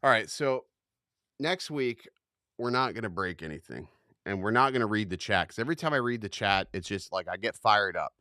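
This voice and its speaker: A young man hosting a livestream in casual chat, rambling and self-mocking, quick to get fired up. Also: fairly low pitch, animated, sharp tone, clear, resonant tone, no echo, clean studio sound. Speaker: livestream host.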